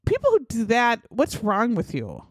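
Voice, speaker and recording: Woman podcast co-host, lively true-crime storyteller, dry close sound. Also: fairly high pitch, normal speed, no echo. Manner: animated retelling, acts out quotes in shouted voices. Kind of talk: casual true-crime chat.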